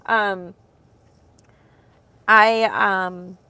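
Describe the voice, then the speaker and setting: A woman's voice: mid-range voice, steady tone, drawn-out words, sharp tone, smooth, no echo. A woman in her thirties, a homeschooling mom vlogging, talking in a rambling, heartfelt way with many fillers. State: emotional, close to tears. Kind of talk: casual chat to camera.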